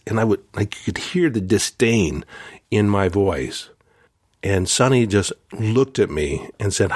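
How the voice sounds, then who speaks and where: A man casually telling a personal story in a candid, self-deprecating way, with fillers and quick asides. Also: fairly low pitch, lively intonation, husky, no room sound, studio quality. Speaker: host recounting a personal lesson.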